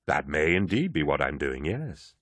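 A man's voice: extremely low pitch, very animated, moderate pace, a bit bright, dry recording, pitched below the performer's own voice, exaggerated voice. A man voicing a blunt, sardonic male captain with a dry delivery.

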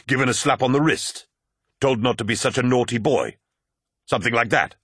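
A man's voice: mid-range voice, brisk, a bit bright, husky, no room sound, clean studio sound, pitched above the performer's own voice. A man reading an audiobook, voicing a blunt, defiant male veteran warrior with a sardonic edge. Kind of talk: audiobook character voice.

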